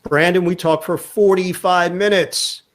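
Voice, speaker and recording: A man with a slightly raised pitch tells a story in a chatty interview. He keeps it lively, slipping into the voices of the people he quotes. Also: unhurried. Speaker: sportscaster guest. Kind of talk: storytelling anecdote in a chat.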